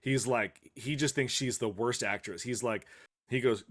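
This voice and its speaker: With a mid-range voice and a moderate pace, this male podcast co-host swaps lively stories in casual conversation, cursing without restraint.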